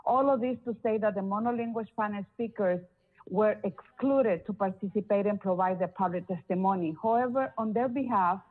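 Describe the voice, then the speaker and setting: Woman caller, earnest, halting delivery, tinny phone sound. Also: medium pitch. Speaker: public caller. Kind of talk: public comment by phone. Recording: phone line.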